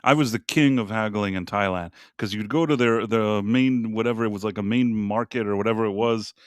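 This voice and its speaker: A man's voice: fairly low pitch, brisk, clear, resonant tone, no echo. Give me a man chatting casually on a podcast, rambling with lots of restarts, recorded dry and close. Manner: rambling storyteller with many restarts. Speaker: co-host.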